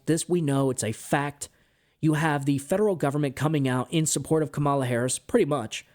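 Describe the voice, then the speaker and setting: A man's voice: medium pitch, a little mellow. A man from the United States hosting a political commentary show, talking in a heated, exasperated monologue and often ending lines with "man". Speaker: host.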